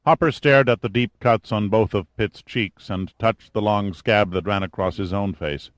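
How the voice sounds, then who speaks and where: A man narrates a thriller audiobook in a steady, measured voice. His voice is very deep, and the recording is dry and close to the mic. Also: no room sound. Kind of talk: scripted narration.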